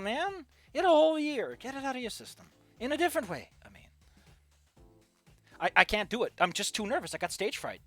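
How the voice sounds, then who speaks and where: A mid-range voice with no echo belongs to a streamer for whom English isn't a first language. Chatting over a game with faint background music, they joke self-deprecatingly and alternate between loud outbursts and mumbling.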